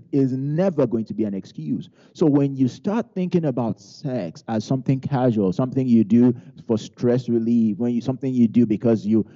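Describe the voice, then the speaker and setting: A man's voice: mid-range voice, mellow, highs cut off. A male pastor delivering a sermon, hammering key phrases through repetition and weaving in humorous personal stories.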